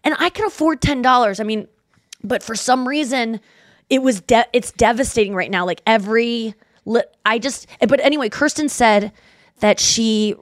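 A woman in her thirties co-hosting a podcast, telling rambling stories in a lively, animated way with frequent restarts. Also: fairly high pitch, moderate pace, no echo, studio quality. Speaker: podcast co-host. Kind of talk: casual chat.

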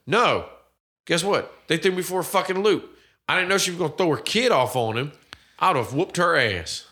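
Bright-voiced profane movie-review co-host. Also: male voice, fairly high pitch, moderate pace. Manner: animated, swears constantly, acts out quoted characters. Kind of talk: casual profane chat.

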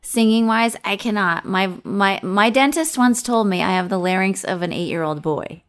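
A woman singer-songwriter guesting on a podcast, speaking quietly and modestly in casual chat. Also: mid-range voice, normal speed.

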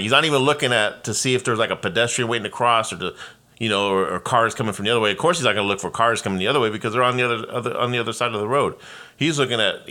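A man from Los Angeles hosting his own podcast, ranting in a profane, animated way. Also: on the low side. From Los Angeles, USA. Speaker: podcast host. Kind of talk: casual solo rant.

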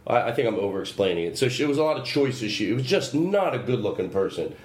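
Rambling, lively-voiced man in a roomy space. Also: medium pitch, fast. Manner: rambling, self-interrupting storyteller. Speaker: podcast host. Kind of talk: casual chat. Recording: roomy with faint background noise.

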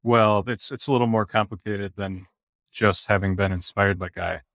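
A man's voice: on the low side, fairly even intonation, moderate pace, fairly bright tone, no echo, studio quality. A man from the American Midwest, a photographer, talking casually as a podcast guest with hesitant restarts. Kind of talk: casual interview talk.

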